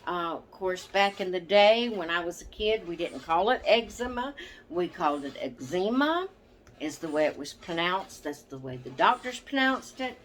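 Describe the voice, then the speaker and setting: A woman's voice: lowish voice, lively intonation, moderate pace, hardly any pauses. An older woman, chatting casually to her camera in a rambling way, laughing often and correcting herself. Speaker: vlogger.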